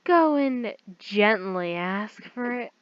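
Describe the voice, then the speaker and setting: A woman's voice: medium pitch, animated, slow pace, smooth, dry recording. A woman voicing a playful, cruel male villain in a casual read-aloud of a fan story, teasing and offhand. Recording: dull lo-fi recording.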